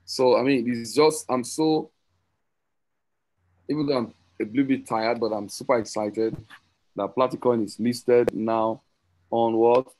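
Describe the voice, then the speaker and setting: Man, rambling excited promoter, repeats himself, online call mic. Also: mid-range voice, a little slow, long pauses, poor audio. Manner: rambling, repetitive, self-correcting, teasing. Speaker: crypto promoter hosting a group call. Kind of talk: excited sales pitch with screen share.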